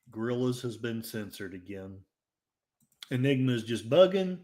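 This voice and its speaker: A man's voice: medium pitch, sing-song, normal speed, warm tone. A man with an Oklahoma accent hosting a casual livestream, reading chat comments in a rambling, jokey and self-mocking way. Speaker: livestream host.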